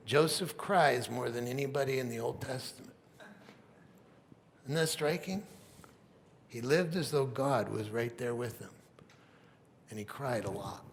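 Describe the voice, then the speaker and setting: A male pastor preaching a sermon, retelling a story in a relaxed, conversational manner. His voice sits at a middle pitch. The sound carries a long church reverb over a faint low rumble. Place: church sanctuary.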